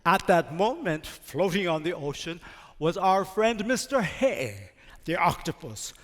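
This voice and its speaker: An older man performs a folktale, slow-paced and very lively in pitch. His voice sits high for a man and carries a long stage-hall reverb. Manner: animated, dramatic, slow and expressive. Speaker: storyteller. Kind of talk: theatrical folktale storytelling.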